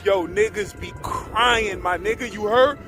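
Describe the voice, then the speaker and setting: New York man, high-pitched, animated profane storyteller with music underneath. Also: a little slow. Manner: animated, profane, slang-heavy, mimics others. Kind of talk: casual storytelling.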